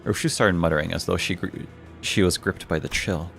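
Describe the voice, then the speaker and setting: A man reads a game's story text aloud on stream, now and then going back over words he trips on. His voice sits very low and has a gravelly, creaky edge. Soft music plays faintly underneath. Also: fairly quick.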